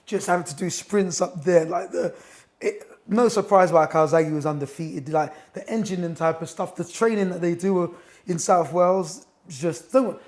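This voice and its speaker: High-voiced man, chatty boxing coach. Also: moderate pace, darkish tone. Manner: enthusiastic storyteller, chatty. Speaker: boxing coach and author, podcast guest. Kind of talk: casual interview chat. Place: gym.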